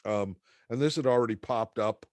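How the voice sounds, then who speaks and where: A man's voice: mid-range voice, moderate pace, a little mellow, dry recording. A man teaching a class, telling a story in a rambling, hesitant way full of fillers and restarts. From near Boston, USA. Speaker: instructor.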